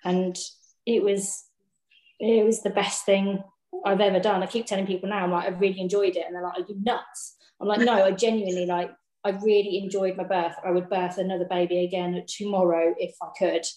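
A woman's voice: medium pitch, fairly quick. Chatty woman, roomy echo. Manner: lively, laughs often, acts out dialogue. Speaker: guest telling her birth story. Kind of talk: casual storytelling chat.

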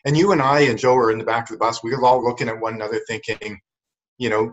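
A man's voice: mid-range voice, steady tone, fast talker. A man with a mid-range voice co-hosts a podcast and tells a story in an earnest, reflective way. The recording sounds dull and lo-fi. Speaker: podcast co-host. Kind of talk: casual conversation, storytelling.

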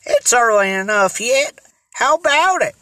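A reader doing a cheerful teen sidekick from a boys' adventure story. He coaxes his pals along in a bright, dry voice. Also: medium pitch, very animated, measured pace, no room sound. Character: friendly teenage boy, Tony. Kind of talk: audiobook character reading.

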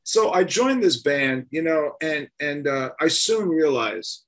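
A man in his seventies from New York, a musician being interviewed, telling stories with animated energy and acting out the voices. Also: on the high side, slow pace. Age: 70s. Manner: animated storyteller who acts out voices. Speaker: guest musician. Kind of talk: casual storytelling interview.

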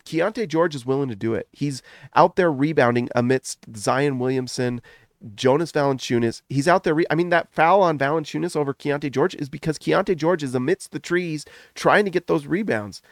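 A middle-aged man talks basketball on his podcast with a gravelly, fry-edged voice. He gushes in quick, animated bursts and sounds a bit foggy from a recent illness. The recording is close and dry, with no room sound. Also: on the high side, no room sound. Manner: animated, gushing, talks in rapid runs. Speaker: podcast host. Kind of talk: casual sports commentary.

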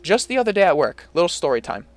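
A young man co-hosting a podcast, casually telling an animated story full of swearing. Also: high-pitched, fast talker, background noise. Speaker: podcast co-host. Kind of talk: casual chat.

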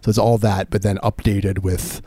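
A man co-hosting a casual comedic chat, adding dry, deadpan one-liners and riffing along with the jokes. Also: fairly low pitch, normal speed, dry recording.

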